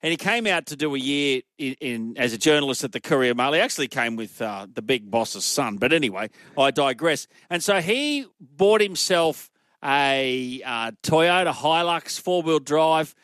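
A man's voice: on the high side, animated, moderate pace, fairly bright tone, smooth, no room sound. Rambling storyteller man. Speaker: radio host. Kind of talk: casual banter.

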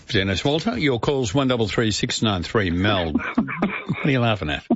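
A man's voice: mid-range voice, big pitch swings, moderate pace, fairly bright tone. A man filling in as a talkback radio host, joking and self-deprecating. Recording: dull radio broadcast sound.

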